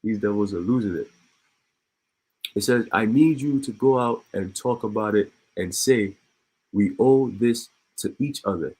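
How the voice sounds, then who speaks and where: Speaking a bit slowly in a lowish, darkish voice, this online commentator works through news stories aloud, pausing for laughs and asides and frequently repeating or restarting words. The recording is rough.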